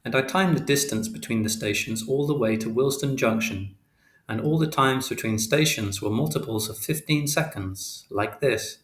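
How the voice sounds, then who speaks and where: A man reading an audiobook aloud in a steady, literal, matter-of-fact way. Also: medium pitch, moderate pace. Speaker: audiobook narrator. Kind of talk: scripted narration. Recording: roomy echo.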